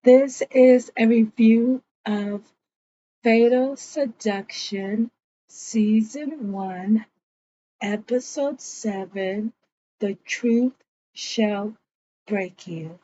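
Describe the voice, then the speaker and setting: Recapping a TV episode in a chatty way, a woman who reviews TV series performs snippets of the characters' dialogue. Her voice is fairly high and warm, though the audio is dull and carries slight background noise.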